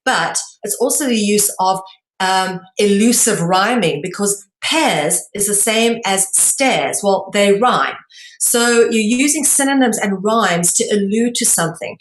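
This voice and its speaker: Woman, mid pitch, measured explanatory talk, frequent ums, reverberant room. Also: expressive. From South Africa. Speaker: presenter. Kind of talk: lecture-style presentation.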